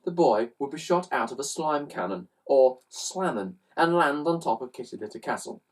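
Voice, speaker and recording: A woman reading a children's story aloud in an animated way, throwing in sound effects. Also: extremely low pitch, moderate pace, far from the mic.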